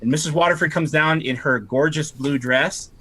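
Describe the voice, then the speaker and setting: A man's voice: on the high side, moderate pace, sharp tone, husky. A man running a tabletop game as game master, narrating casually with lots of fillers and restarts. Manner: casual, rambling, many fillers.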